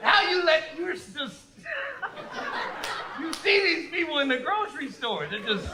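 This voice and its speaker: A man's voice: very high-pitched, big pitch swings, a little slow, background noise. A man doing a brash, profane, rambling stand-up comedy set.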